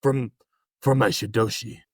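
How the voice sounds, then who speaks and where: A man's voice: medium pitch, fairly even intonation, a little slow, no echo, clean studio sound, lightly acted. A man voicing a solemn old male martial arts master who speaks in clipped broken English, as a comic podcast impression.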